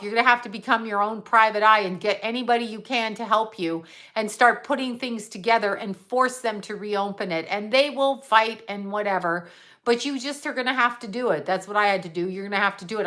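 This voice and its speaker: A middle-aged woman, a psychic medium, talking frankly and casually on a live stream, reading viewer comments and often breaking off in halting restarts. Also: mid-range voice, pushed and bright. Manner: frank and profane, halting with restarts when emotional.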